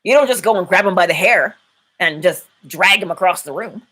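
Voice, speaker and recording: A woman hosting a live-stream inspirational talk, preaching in an animated way and laughing often. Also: on the low side, brisk, slightly rough. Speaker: inspirational speaker and host.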